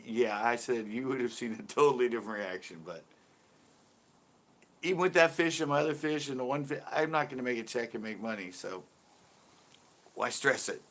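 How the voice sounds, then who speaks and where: A man's voice: mid-range voice, moderate pace, long pauses. Man telling a fishing story on a livestream. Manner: laughing often, animated when quoting others. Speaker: livestream host. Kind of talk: casual storytelling chat.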